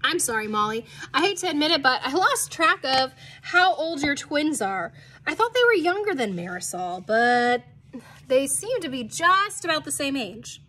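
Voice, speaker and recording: A woman's voice: high voice, big pitch swings, moderate pace, bright, forceful tone, exaggerated voice. A woman reading aloud, voicing a mother who sheepishly apologizes to a friend.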